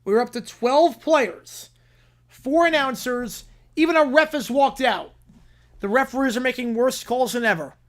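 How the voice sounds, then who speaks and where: A man's voice: extremely high pitch, unhurried, a bit bright. A man hosting a livestream who reads a chaotic fan story aloud and keeps breaking off to comment and laugh. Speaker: livestream host.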